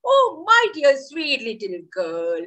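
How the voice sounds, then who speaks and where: Lady playing a sweet sun in a kids story, soft and loving, high bright voice. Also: wildly swooping pitch, takes it slowly, exaggerated voice. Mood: tender. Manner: gentle, affectionate. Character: kind warm sun comforting a little leaf.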